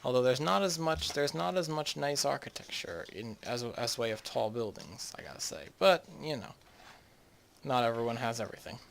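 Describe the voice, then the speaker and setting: A man's voice: medium pitch, expressive, normal speed, gravelly, a little hiss or hum. A young man from the northeastern United States, rambling and chatty with many restarts as he narrates his game. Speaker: gamer. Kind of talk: casual game commentary.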